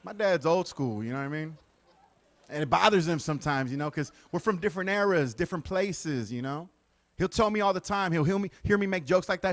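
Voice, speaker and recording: A man doing a conversational stand-up routine with deadpan asides to the audience. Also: on the high side, a little fast, no echo. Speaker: stand-up comedian.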